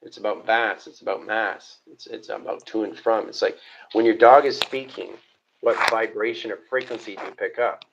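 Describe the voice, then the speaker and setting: A man's voice: on the low side, steady tone, normal speed, creaky, slight background noise. A man teaching in a live question-and-answer stream, lecturing in repetitive lists. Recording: dull lo-fi stream audio.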